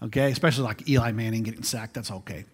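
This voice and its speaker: A man's voice: medium pitch, fairly even intonation, racing, breathy edge. A man in his forties preaching a sermon in a conversational way as pastor, often repeating words as he restarts.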